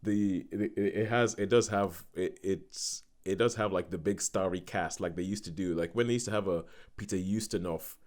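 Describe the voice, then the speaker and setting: A man with a fairly low voice hosts a casual film podcast. He rambles through his points, restarting sentences and laughing as he goes. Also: moderate pace, hardly any pauses, darkish tone. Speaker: podcast host.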